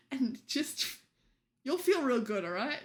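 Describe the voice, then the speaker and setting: A young woman streamer chatting casually with viewers late at night, teasing them and laughing often. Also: high-pitched.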